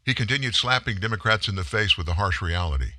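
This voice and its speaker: A man's voice: lowish voice, animated, fast, sharp tone, no room sound, clean studio sound. A man giving a political commentary monologue, emphatic and sarcastic, full of rhetorical questions.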